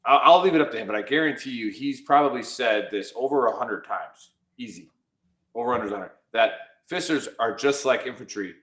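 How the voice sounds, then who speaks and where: A man's voice: medium pitch, a little fast, fairly bright tone, echoey room. A man hosting a veterans' talk show, teasing his guests in rowdy, profane, joking banter. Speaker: podcast host. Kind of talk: rowdy casual chat.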